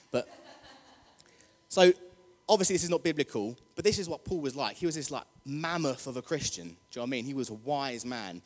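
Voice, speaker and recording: A man preaching a casual, jokey sermon, chatty and rousing the congregation. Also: medium pitch. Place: church hall. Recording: long hall reverb.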